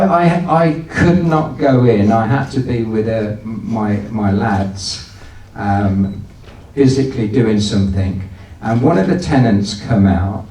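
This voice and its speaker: Casual guy giving a business talk, lots of restarts, mellow tone, far from the mic. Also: mid-range voice. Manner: anecdotal, folksy, with frequent restarts. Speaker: guest speaker. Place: event hall. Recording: echoey hall, distant from the mic.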